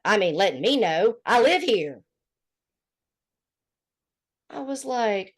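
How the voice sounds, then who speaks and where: A woman from Alabama with a Southern accent, co-hosting a casual gossip chat and telling stories in a mocking, animated way. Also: fairly high pitch, slow pace, pauses often. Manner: animated, mocking storytelling with laughter. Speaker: co-host.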